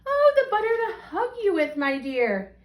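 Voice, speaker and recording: A sly big bad wolf with an oily, mock-polite purr that lurches between low and high, as a woman reading aloud puts him on. He gloats over his cleverness in a storybook telling, caught in a roomy, echoing space. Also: big pitch swings, unhurried, exaggerated voice. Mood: gloating. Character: sly smooth-talking hungry male wolf.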